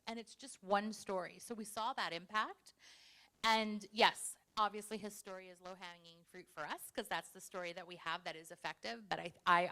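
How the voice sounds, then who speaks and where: A woman talks on a conference panel, pitched a little low. Her tone is bright and forceful, and she argues her point earnestly with data behind it. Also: creaky. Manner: earnest, data-minded advocacy. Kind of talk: panel discussion.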